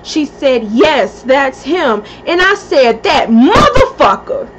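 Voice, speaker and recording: A woman telling a story casually, animated and profane, acting out what people said. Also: sits high, takes it slowly, very noisy. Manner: animated, profane, acts out quoted speech.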